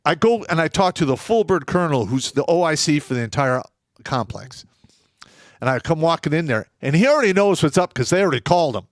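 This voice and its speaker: A man co-hosting a casual podcast, telling profane war stories with loud outbursts. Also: fairly high pitch, lively intonation, a little fast, dry recording, clean studio sound. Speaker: co-host; former first sergeant.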